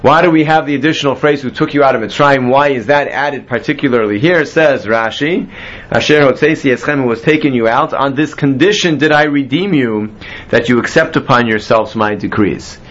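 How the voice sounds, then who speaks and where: A man's voice: medium pitch, a little fast, a bit bright, muffled recording. A man teaching a classroom Bible lesson, explaining step by step and quizzing his students. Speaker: Torah teacher.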